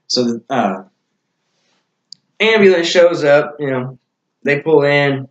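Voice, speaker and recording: A man's voice: on the high side, expressive, takes it slowly, pauses often, highs cut off. Guy rambling through stories, lots of uhs, roomy echo. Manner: rambling, many fillers and restarts. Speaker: vlogger telling stories. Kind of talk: casual storytelling.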